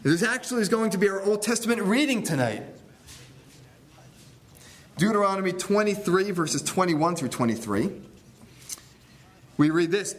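A man's voice: high voice, expressive, moderate pace, long pauses. A male pastor preaching a sermon, teaching scripture with rhetorical questions and repeated key phrases.

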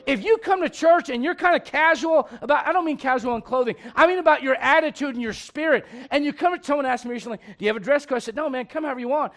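Pastor, male, very high voice, lively sermon that swings from soft asides to shouting. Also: fast talker, few pauses. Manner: animated preaching, swings from quiet asides to shouted emphasis; conversational, laughs with the congregation.

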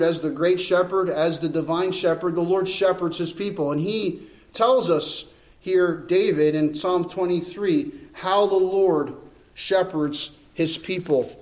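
A man preaching a sermon as a pastor, earnest and emphatic, slowing down and repeating key phrases. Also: fairly high pitch, low-quality recording.

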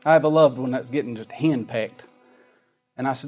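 A middle-aged man preaching a sermon, folksy, swinging from loud emphatic scripture reading to quiet asides. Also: mid-range voice, brisk, soft background music. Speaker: pastor.

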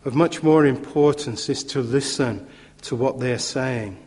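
A man preaching a sermon in a measured, emphatic way, with occasional fillers and repetition for stress. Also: mid-range voice, a little mellow. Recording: long hall reverb.

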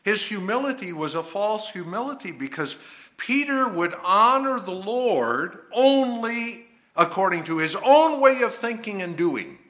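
A male preacher delivers a sermon at a slow, deliberate pace. His bright voice moves in lively swings of pitch, dropping to a hush and then rising emphatically. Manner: emphatic, dramatic swings between soft and loud.

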